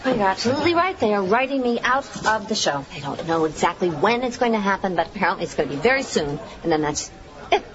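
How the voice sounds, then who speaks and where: A woman's voice: mid-range voice, sing-song, fast talker, a crowd in the background, close to an everyday voice. An actress playing a self-assured female soap-opera star who talks in a theatrical, coaching way. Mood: wistful. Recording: dull TV audio with studio audience laughter.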